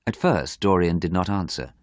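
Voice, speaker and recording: A man reading a story aloud for English learners, slowly and clearly in simple storytelling. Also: low-pitched, lively intonation, no echo, studio quality. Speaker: narrator.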